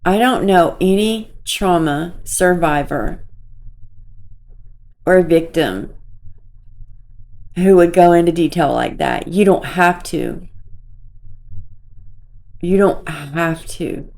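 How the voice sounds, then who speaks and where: A woman talks to her viewers in a slow, unhurried way, her voice sitting a little low. She sounds exasperated, pressing her points and saying them twice over. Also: vocal fry, a little mellow. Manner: exasperated, emphatic, repeats herself, sighs. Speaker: commentator. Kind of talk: casual commentary to camera.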